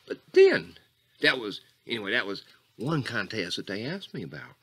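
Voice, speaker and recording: A man playing Coach Catfish, an eccentric rambling character who drifts off on tangents and jumps between squeaky highs and low mutters. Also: big pitch swings, normal speed, a bit bright, husky, full character voice. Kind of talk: comedic character monologue.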